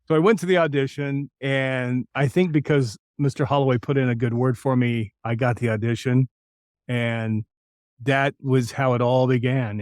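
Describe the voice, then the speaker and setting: An older man from New Mexico tells his career stories in an anecdotal, self-deprecating way. His voice sits at an ordinary middle pitch. It is recorded close and dry, with no room sound. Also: a little mellow, no echo. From New Mexico, United States. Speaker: voice actor guest. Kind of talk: storytelling interview.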